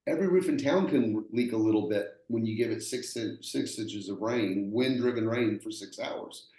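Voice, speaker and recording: A man's voice: lowish voice, moderate pace, dark tone. A man with a Texan accent, a roofing contractor telling stories in an earnest, plainspoken way, often repeating himself. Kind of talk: conversational storytelling. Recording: echoey room.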